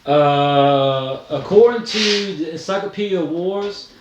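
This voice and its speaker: A man's voice: a little high, measured pace, lo-fi sound, noisy background. Laid-back man in an echoey room. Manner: laid-back, swears casually. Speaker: podcast co-host. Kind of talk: casual chat.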